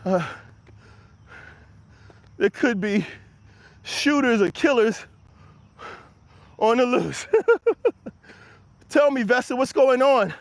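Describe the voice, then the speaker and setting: Winded from walking outdoors in the early morning, a very high-pitched motivational host runs a live walk-and-talk on a handheld camera. He talks extremely slowly with frequent pauses and lively intonation, pushing his audience forward and chatting back to their comments. His voice is close on the mic and the recording is dry.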